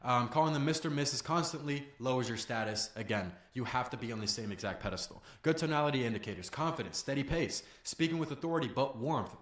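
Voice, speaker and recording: A young man giving blunt, profane, fast-talking sales training, breaking into loud rants now and then. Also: mid-range voice, echoey room. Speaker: sales coach.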